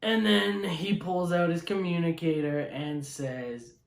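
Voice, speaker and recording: A man giving a casual, emotional movie review, excitable and full of fillers. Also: a little high, slow, creaky, roomy sound. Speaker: film reviewer.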